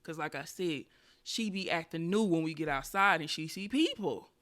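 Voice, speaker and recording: A woman in her twenties hosting a podcast, telling a story in a casual comedic way with profanity and loud animated bursts. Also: low-pitched, moderate pace. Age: 20s. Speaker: podcast host.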